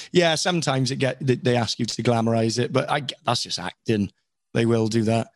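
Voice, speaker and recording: A man's voice: mid-range voice, no room sound. A Welsh man, a voice actor, talking frankly and at length as an interview guest, often criticising himself. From Wales. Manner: frank, rambling and self-critical. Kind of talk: candid conversational chat.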